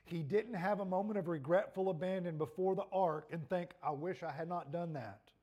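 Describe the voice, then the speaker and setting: A man's voice: high voice, normal speed, warm tone, husky, dull audio. A male pastor preaching a sermon earnestly, his voice rising and falling in intensity, with a troubled throat.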